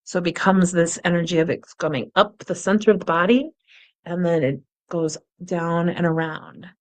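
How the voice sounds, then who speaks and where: A woman leads a guided meditation in a calm, gentle manner, her voice sitting a little low. She often lets her words drop to a soft, quiet hush as she breathes along with the listener. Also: normal speed. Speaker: meditation and wellness instructor.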